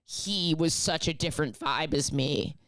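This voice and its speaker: A woman comedian co-hosting a podcast, telling a story in casual chat with loud, profane outbursts where she acts out scenes. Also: sits low, unhurried, no echo.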